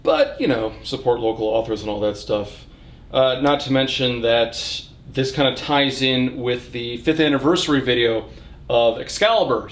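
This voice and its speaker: A man hosting a casual, rambling book tour from his home reading nook, with wry joking asides. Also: medium pitch. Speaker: book channel host. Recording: echoey room.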